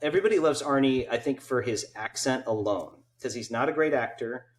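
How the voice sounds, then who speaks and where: A man's voice: medium pitch, animated, fairly quick. A man co-hosting a comedy podcast, giving joking opinions in casual chat. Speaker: podcast co-host.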